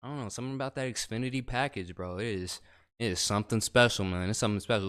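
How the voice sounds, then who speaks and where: A man's voice: lowish voice, quick pace, fairly bright tone, clean tone. Chatty slangy man on a livestream. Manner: chatty, slangy, playful, says bro and y'all. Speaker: guest YouTuber. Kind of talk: casual livestream chat.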